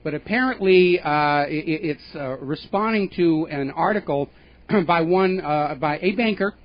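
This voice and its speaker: Hosting talk radio, a man pushes opinionated political views with pointed emphasis and scornful asides, speaking a little slowly. His pitch runs slightly high for a male voice, and the broadcast sounds dull and lo-fi.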